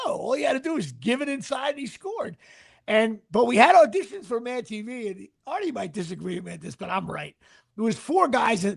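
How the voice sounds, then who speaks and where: Middle-aged male actor, high husky voice, rambling casual anecdotes. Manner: rambling, restarts sentences, sports asides. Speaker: actor guest.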